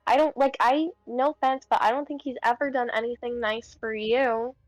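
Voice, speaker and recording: A woman's voice: on the high side, fairly even intonation, normal speed, dry recording, faint music behind. A young woman playing a tabletop game, chatting in a rambling way full of fillers. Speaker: player. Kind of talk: casual tabletop role-play.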